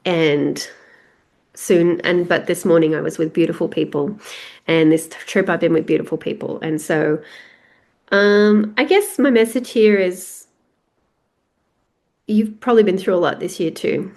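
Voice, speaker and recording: A woman's voice: fairly low pitch, unhurried, pauses often, darkish tone. A middle-aged Australian woman hosting a podcast, talking candidly and chattily in a solo reflective monologue with laughs and restarts. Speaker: podcast host. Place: house, on her own.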